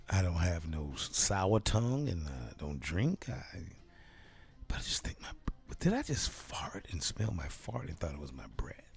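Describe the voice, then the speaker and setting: A man's voice: sits low, vocal fry, dark tone, husky, voice pushed down, exaggerated voice. A man acting out a worried person fretting about their own breath in a whispered role-play.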